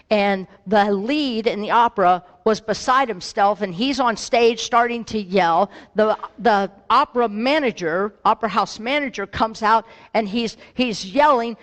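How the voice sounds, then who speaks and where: A woman pastor giving a gentle, reflective sermon and telling a story to her congregation. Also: medium pitch. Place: church sanctuary. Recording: long reverb in a hall.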